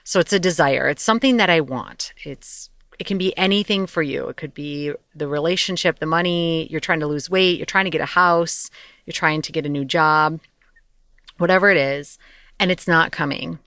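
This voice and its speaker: Her voice sits low and moves at a moderate pace, recorded cleanly in a studio without echo. On her own podcast, this young woman talks chattily and with animation about life coaching, tossing in loose asides, frequent laughter, and the odd mild swear word in easygoing solo talk.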